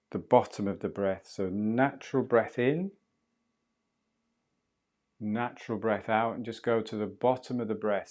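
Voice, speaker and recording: A man leading a guided breathwork class, speaking slowly, softly and calmly. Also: medium pitch. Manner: slow, soft and calm guidance. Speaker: breathwork instructor.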